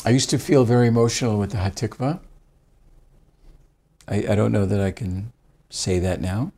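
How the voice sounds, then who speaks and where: An American man with a voice on the lower side talks as a guest in a relaxed interview. He is a rabbi who tells anecdotes with dry, self-deprecating humor and lively emphasis. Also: normal speed. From United States. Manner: wry, self-deprecating humor, animated storytelling. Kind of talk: casual conversational interview.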